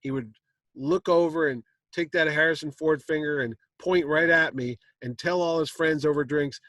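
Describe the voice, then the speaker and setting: A man's voice: fairly high pitch, normal speed, no room sound. A man hosting a convention panel, telling a story with plenty of acted-out quotes. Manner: lively anecdote, acting out quotes. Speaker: comic con panel host telling a story. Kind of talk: animated storytelling. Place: convention stage.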